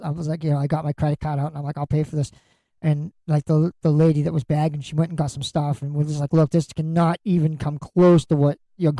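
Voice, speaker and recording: A middle-aged man rambles through funny stories for his podcast, cursing freely and acting out every quote. His voice is mellow and warm, and it sits dry and close with no room sound. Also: a little high, no room sound, poor audio. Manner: crude, jokey, swears freely, acts out quotes. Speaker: podcast host. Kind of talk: comedic storytelling monologue.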